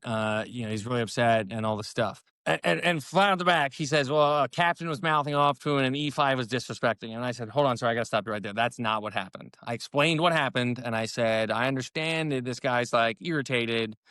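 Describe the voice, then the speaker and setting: A middle-aged man with an American accent tells his story at a brisk clip and acts out each quoted line. His voice is smooth and clear on a dry, close mic. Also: mid-range voice, a bit bright, no room sound. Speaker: retired army captain, podcast guest. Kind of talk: casual storytelling interview.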